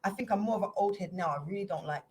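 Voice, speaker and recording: A woman's voice: medium pitch, racing, darkish tone, breathy edge, low-quality recording. Chatty English woman guest, playful. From England. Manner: chatty, playful, slips into put-on accents. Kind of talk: casual chat.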